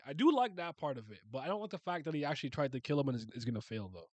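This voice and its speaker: A man's voice: mid-range voice, sing-song, very fast, few pauses, darkish tone, no echo. A man giving casual reaction commentary, ranting in exasperation with frequent exclamations and stammered restarts. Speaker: webcomic reaction host.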